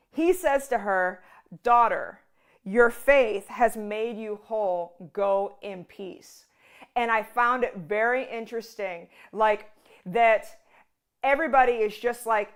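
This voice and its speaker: A woman's voice: fairly high pitch, smooth. Chatty woman giving a devotional talk. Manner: conversational, full of "like" and restarts, acts out quotes. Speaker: ministry host. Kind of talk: casual devotional teaching.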